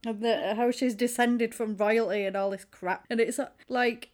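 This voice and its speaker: A chatty woman with a slightly raised pitch, recapping a film in casual conversation. She laughs often and slips into the characters' lines as she tells it. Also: fairly even intonation, moderate pace. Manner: chatty, giggly storyteller who acts out quotes. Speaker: podcast co-host.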